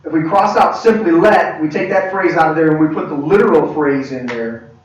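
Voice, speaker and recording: A man teaching a church leadership class in a conversational, halting way, with many restarts. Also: a little high, slight background noise. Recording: echoey room, far from mic, dull.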